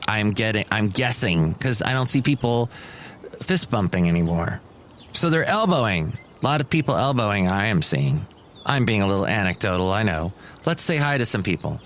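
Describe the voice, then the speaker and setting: A man's voice: fairly low pitch, a bit bright, a little hiss or hum. A middle-aged man hosting a solo comedy podcast, chatty, wry and meandering. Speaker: podcast host.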